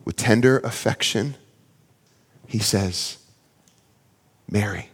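A pastor in his thirties delivers an earnest sermon, his voice sitting a bit high and swinging widely in pitch. His words ring out with a long reverb from a large hall. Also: a little slow. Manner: earnest storytelling, animated when quoting his child.

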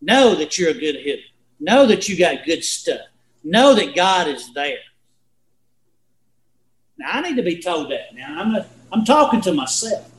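A man's voice: on the high side, big pitch swings, unhurried, long pauses. A man in his sixties leading a casual Bible study, talking in a folksy, rambling, storytelling way. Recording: echoey room.

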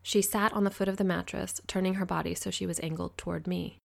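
Reading an audiobook in the first person, a low-voiced woman keeps an even, measured pace, a gravelly fry running throughout.

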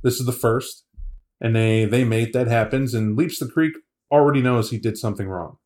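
A man's voice: mid-range voice, normal speed, a little mellow. A man co-hosting a podcast in casual chat, retelling a story with laughter and acted-out quotes. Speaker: podcast co-host.

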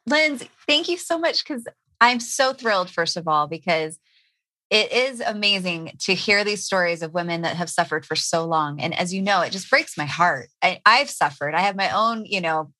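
Earnest female podcast host, lower bright voice, dry close sound. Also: lively intonation, moderate pace, no echo. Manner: encouraging, earnest. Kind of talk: casual chat.

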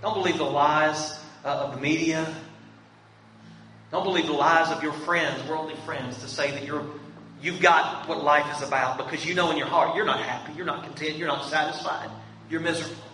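A man's voice: on the high side, steady tone, normal speed, bright, forceful tone, distant mic. Male pastor, earnest and pleading, heard from afar in a reverberant sanctuary with faint background hum. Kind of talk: sermon. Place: church sanctuary. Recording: echoey church room from afar, faint hum.

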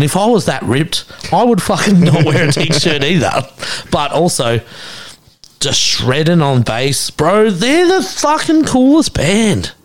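A young man hosting a casual chat, telling stories in an animated, sweary way. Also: on the high side. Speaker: podcast co-host.

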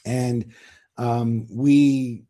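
A man's voice: mid-range voice, steady tone, very slow, dark tone. A man, an author, talking as an interview guest in a casual, emphatic, salesy way, firing rhetorical questions at listeners.

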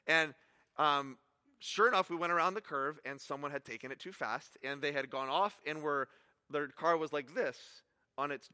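A man in his forties delivers a casual, story-driven sermon as the pastor, swinging between quiet asides and animated bursts of humor. His voice sits high and sounds sharp and bright. It rings out with the long reverb of a church hall.

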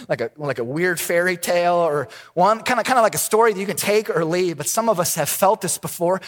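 A middle-aged man preaching a sermon as pastor, animated, dropping to a hush and then rising to near shouts for emphasis. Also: high voice. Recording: long reverb of a large hall.

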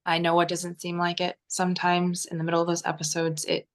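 A woman author as an interview guest, speaking gently and reassuringly, pausing with fillers. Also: on the low side, monotone. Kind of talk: interview answers.

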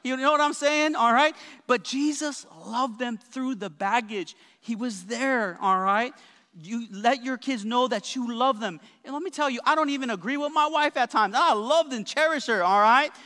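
A man's voice: very high voice, moderate pace, sharp tone. A middle-aged man, a pastor, preaching emphatically and calling on his congregation to respond. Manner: emphatic preaching with frequent "all right?" and call-and-response. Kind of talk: sermon. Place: large church hall. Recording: reverberant church hall.

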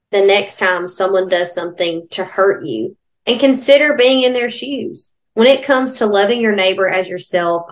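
Co-host: young woman, chatty and heartfelt, voice of middling pitch. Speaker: podcast co-host. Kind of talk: casual faith podcast chat.

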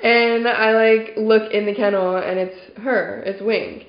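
A young woman on a team podcast, telling a story in a loose, chatty way and leaning on "like" as she acts out the other people. Her voice has a mid pitch and carries room echo. The lo-fi recording sounds muffled. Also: slow. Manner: animated storyteller, acts out quotes, many "like"s. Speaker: dog trainer on team podcast. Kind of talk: casual group chat. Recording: echoey room, dull lo-fi sound.

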